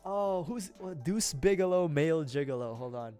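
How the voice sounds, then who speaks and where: A man's voice: on the high side, lively intonation, normal speed, dark tone, clean tone, soft background music. A young man from the Philippines with a Filipino accent, chatting on a casual livestream, rambling, swearing freely and laughing often. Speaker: streamer.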